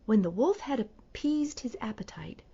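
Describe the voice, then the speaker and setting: A woman narrating a fairy tale in a clear, measured storybook read-aloud. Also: fairly high pitch, animated, dark tone, lo-fi sound.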